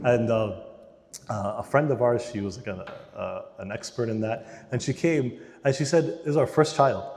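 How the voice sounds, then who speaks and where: A man giving an animated church lecture to married couples, swinging between loud emphasis and hushed asides. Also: medium pitch, normal speed, slight background noise. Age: adult parent. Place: church hall. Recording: long reverb in a large hall.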